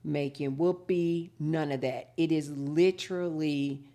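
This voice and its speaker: Hosting a casual live chat, a low-voiced middle-aged woman shares animated stories, drawing out her words, and voices viewer comments aloud.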